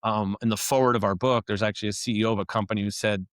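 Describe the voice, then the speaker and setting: Male podcast guest, low voice, dry close sound, easygoing explainer. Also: steady tone, rapid-fire, hardly any pauses, a bit bright, no echo. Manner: conversational, restarts and "you know" often. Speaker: construction operations consultant, podcast guest. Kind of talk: casual interview talk.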